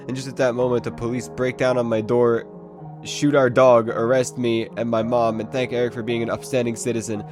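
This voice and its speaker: A man's voice: mid-range voice, little pitch movement, a little fast, over music. A man narrating a parody horror story in a mock-serious, absurdly rambling way. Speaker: comedic narrator.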